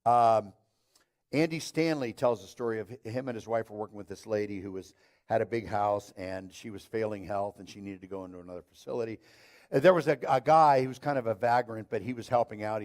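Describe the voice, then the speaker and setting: A man's voice: on the low side, a little mellow. A middle-aged man preaching a sermon on a church stage, telling stories with acted-out dialogue and dry humor. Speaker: pastor.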